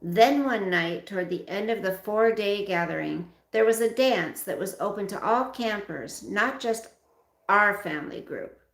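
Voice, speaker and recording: A woman's voice: mid-range voice, expressive, unhurried, fairly bright tone, echoey room. A woman hosting a livestream and reading a memoir aloud, breaking off now and then to speak directly to her viewers.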